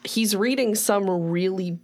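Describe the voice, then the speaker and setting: A woman narrating and running a tabletop role-playing game as game master, with quick playful asides and frequent laughter. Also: medium pitch, a little mellow.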